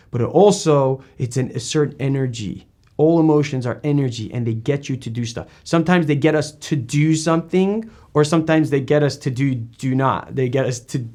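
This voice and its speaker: A man's voice: medium pitch, a little mellow. A man interviewing a guest in a casual talk, rambling and emphatic with many restarts.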